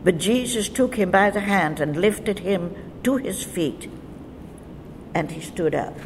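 A woman teaches scripture at an unhurried pace, reading each verse deliberately. Her voice carries a long reverb tail. A faint hiss sits under the recording. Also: medium pitch. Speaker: Bible teacher.

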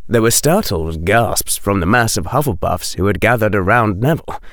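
Brief: male audiobook narrator, lively intonation, unhurried, dry close mic. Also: on the low side, dry recording. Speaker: audiobook reader. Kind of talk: scripted narration.

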